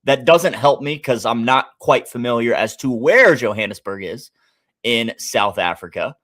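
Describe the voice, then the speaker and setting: A man's voice: medium pitch, animated, unhurried. Midwestern man, live-stream sports host, loose and chatty, greets chat by name, mid-range voice. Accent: Midwestern American. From American Midwest. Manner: chatty, thinking aloud, shouting out chat members.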